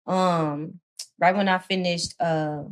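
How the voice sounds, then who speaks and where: A young woman, a radio personality and guest, telling her story in a casual, animated way with heavy slang and swearing. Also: fairly low pitch, slow pace. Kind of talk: casual chat.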